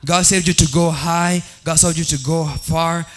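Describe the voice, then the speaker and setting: A Kenyan man preaches to a church congregation, his voice sitting slightly high for a man. He drives his points home through repeated, rising declarations and moves easily between English and Swahili. Faint music plays behind him. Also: steady tone, moderate pace, fairly bright tone. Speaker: pastor. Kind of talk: sermon.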